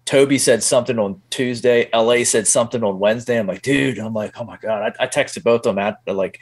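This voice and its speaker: Male interview guest with a mid-range voice, lively and conversational. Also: mid-range voice, fast, breathy edge. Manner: animated storyteller, acts out his own inner voice. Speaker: podcast guest, men's group leader. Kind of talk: casual interview chat.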